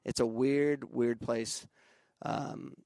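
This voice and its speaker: A man who coaches youth soccer, talking casually and animatedly, jumping up into loud mimicry of other coaches and parents. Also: medium pitch, steady tone, extremely slow, dry recording. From Arizona. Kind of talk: casual podcast conversation.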